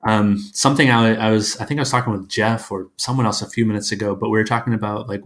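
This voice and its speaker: A man's voice: fairly low pitch, steady tone, fast talker. A man hosting a podcast in casual chat, rambling enthusiastically and often restarting his sentences. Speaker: podcast host.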